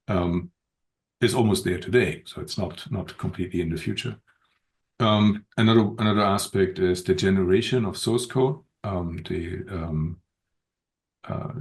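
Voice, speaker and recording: Man, very low voice, podcast guest, measured, hesitant restarts. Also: a little mellow. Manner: thoughtful, measured, frequent ums and restarts. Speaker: podcast guest, open-source community director. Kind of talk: unscripted podcast conversation.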